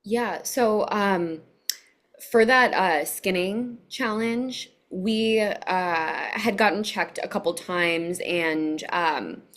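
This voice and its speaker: A young woman answering interview questions, telling her story in an animated way with many "um"s. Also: mid-range voice, slow pace. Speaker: guest.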